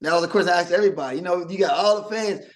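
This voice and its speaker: Middle-aged male musician guest, slightly high voice, animated storyteller. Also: rapid-fire, low-quality recording. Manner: animated storyteller, acts out quotes. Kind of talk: casual interview chat.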